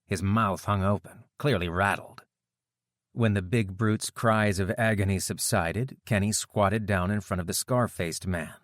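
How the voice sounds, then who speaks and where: A male audiobook narrator with a low, grounded voice and steady, measured delivery. The recording is dry and close. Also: no room sound. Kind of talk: scripted narration.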